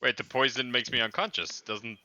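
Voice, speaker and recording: A man's voice: mid-range voice, fairly even intonation, normal speed, bright, forceful tone, no echo, dull audio. A man playing in a tabletop game, joking, mock-complaining and teasing the dungeon master. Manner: jokey, mock-whining, teasing the DM. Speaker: player.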